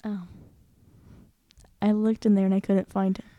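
A woman co-hosting a casual talk show who tells stories with lively energy, leaping into high, playful voices whenever she quotes someone. Her pitch sits mid-range and the recording is dry and close. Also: moderate pace, no echo, lo-fi sound. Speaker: co-host. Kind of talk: casual chat.

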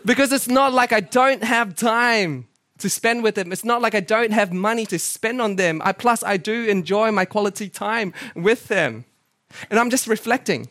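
High-voiced young man preaching. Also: moderate pace, bright, forceful tone, no room sound, clean studio sound. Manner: chatty, self-mocking, asks the congregation questions. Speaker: church speaker. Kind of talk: casual storytelling sermon.

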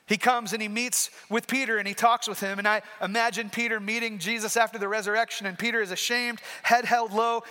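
A man's voice: high voice, sharp tone. A man preaching a sermon, emphatic and repeating his key points, heard in a reverberant hall.

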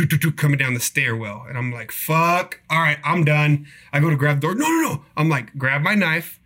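A man's voice: mid-range voice, bright, forceful tone. A young man telling a rambling, profane work story in a casual podcast chat.

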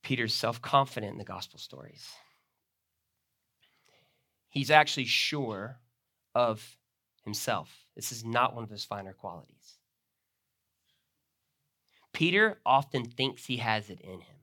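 A man's voice: mid-range voice, animated, measured pace, long pauses, pushed and bright. A man preaching a sermon, expounding a passage and acting out the disciples' words. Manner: expository preaching with dramatic retellings of the text. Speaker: pastor.

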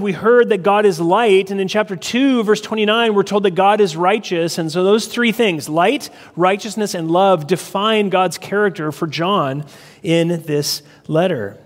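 A male pastor with a notably high voice delivers a verse-by-verse sermon in a church sanctuary. He teaches methodically, often repeating key phrases to drive them home. His voice rings out with a long hall reverb. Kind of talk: expository sermon.

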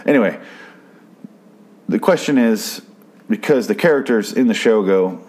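A man with a notably low voice talks through a TV episode in a loose, rambling way. He swears often, circles back and restarts his sentences, and sounds like an unscripted podcast host. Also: expressive, a little slow, a little mellow. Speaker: TV episode recapper. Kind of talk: casual podcast recap.

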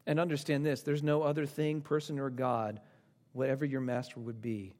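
A pastor preaching a sermon with earnest conviction, swinging from emphatic peaks to soft, low passages, with conversational asides and questions to the congregation. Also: male voice, level tone, normal speed.

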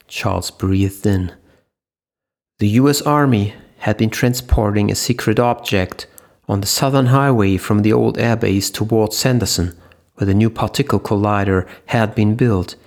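A man giving steady scripted narration of an audiobook. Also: on the low side, unhurried. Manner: steady storytelling.

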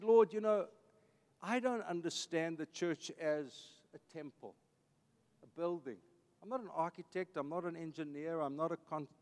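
A man's voice: fairly high pitch, big-room sound. A man in his fifties from South Africa with an Afrikaans accent, a pastor talking emphatically to his church. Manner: emphatic, preacherly, with repeated phrases. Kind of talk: talk to a church audience.

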